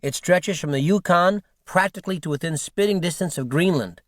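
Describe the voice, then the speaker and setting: A man's voice: high-pitched, a little fast, no room sound, clean studio sound, voice pushed up, natural voice. A man voicing a cheerful young bush pilot in his twenties, friendly and boastful, in an audiobook. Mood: proud. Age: 20s.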